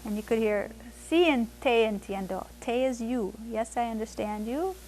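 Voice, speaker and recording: A woman teaching conversational Spanish to adults, switching between English and Spanish and repeating phrases slowly for the learners. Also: a little high, darkish tone, slight background noise. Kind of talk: classroom language lesson.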